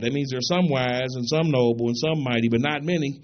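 A man preaching a sermon to a congregation, asking rhetorical questions and slowing down to read scripture aloud. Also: mid-range voice. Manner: emphatic, rhetorical questions, reads scripture slowly. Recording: dull lo-fi recording.

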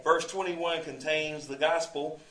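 A man's voice: a little high, steady tone, measured pace, fairly bright tone. Echoey, distant male preacher. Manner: conversational, rhetorical questions, quotes scripture. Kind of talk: sermon, verse-by-verse Bible teaching. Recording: echoey room, distant mic.

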